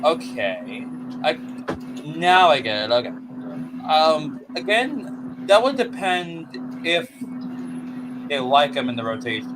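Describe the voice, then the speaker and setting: Guy on a sports podcast, bouncy voice, working stuff out out loud, noisy. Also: on the high side, big pitch swings, slow, long pauses. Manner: thinking aloud, confused, restating points. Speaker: podcast co-host. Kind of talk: casual chat. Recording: noisy room.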